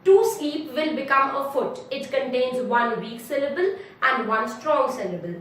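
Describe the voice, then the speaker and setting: A high-voiced woman with an Indian English accent gives a classroom lesson on poetic meter, repeating example words slowly to mark their syllables. She stands back from the mic in a strongly echoing room, with a faint hum of ambient noise behind her. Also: animated, a bit bright, distant mic. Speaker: English teacher.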